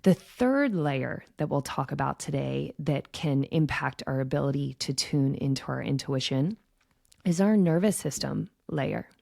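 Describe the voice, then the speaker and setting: Low gravelly woman teaching gently. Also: lively intonation, unhurried, dry recording, studio quality. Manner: gentle, reflective, frequent "right?" check-ins. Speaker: podcast host and intuition coach. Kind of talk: calm teaching monologue.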